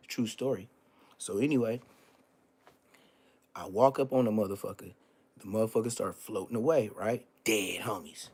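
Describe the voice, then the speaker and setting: A man's voice: fairly low pitch, moderate pace. A man telling a story on a casual live stream, profane and emphatic, repeating street oaths.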